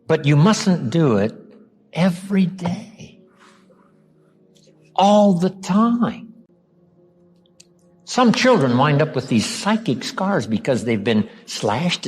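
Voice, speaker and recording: A man from the United States giving a motivational seminar talk, acting out quoted lines and dropping his voice low for emphasis. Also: sing-song, takes it slowly, long pauses, darkish tone, husky. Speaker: motivational speaker.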